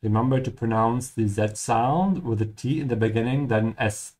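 Working through game dialogue, this German teacher explains every line warmly and says important words again slowly. He has a mid-range voice with a darkish tone.

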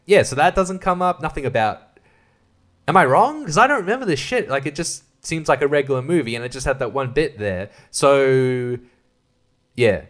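A man's voice: medium pitch, animated, normal speed, a bit bright. Rambling, profane male podcast host. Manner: profane, rambling, laughs at his own jokes. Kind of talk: casual solo podcast rant.

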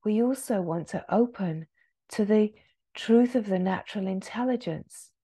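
A woman spiritual teacher giving a gentle satsang talk, acting out inner voices in quotes. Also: mid-range voice, a little slow, breathy edge.

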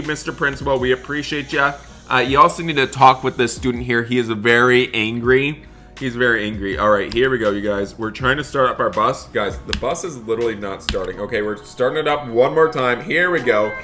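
A man's voice: medium pitch, pushed and bright. A man hosting a gameplay video, role-playing a bus driver who exclaims about the breakdown and sternly scolds his passengers. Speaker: gaming channel host role-playing a school bus driver. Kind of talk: role-play gameplay commentary.

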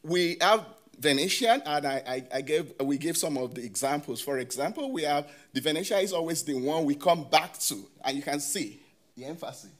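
A man presenting academic research at a conference, talking in a halting way with many "you know" fillers and restarts, and putting questions to the audience. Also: fairly high pitch, expressive, a bit bright.

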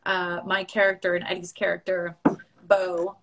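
A woman's voice: on the low side, completely flat delivery, moderate pace, background noise. A woman in her thirties hosting a casual Instagram live chat on her phone, chatty and rambling, laughing often. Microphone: phone livestream.

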